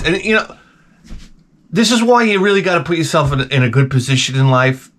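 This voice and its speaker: Animated ranting man in his forties. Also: fairly high pitch, fast. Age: 40s. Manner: ranting, animated, exaggerated outbursts. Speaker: YouTuber. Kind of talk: comedic monologue.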